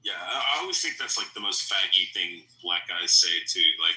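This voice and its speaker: A man's voice: sits low, lively intonation, brisk, bright, forceful tone, echoey room, poor audio. A man making mocking, crude asides during a live debate.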